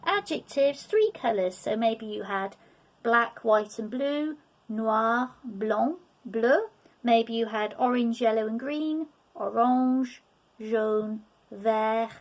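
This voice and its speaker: Animated and fairly high-pitched, a middle-aged woman teaches a beginners' French lesson while sitting at a table in a room. She's patient and repetitive, slowing down to repeat words and often asking "okay?".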